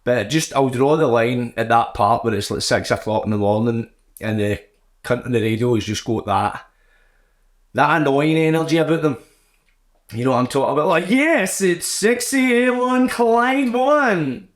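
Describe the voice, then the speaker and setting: A man's voice: mid-range voice, fairly even intonation, normal speed. Crude, joking Glaswegian man. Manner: crude, joking banter full of swearing. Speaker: podcast host. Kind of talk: casual chat.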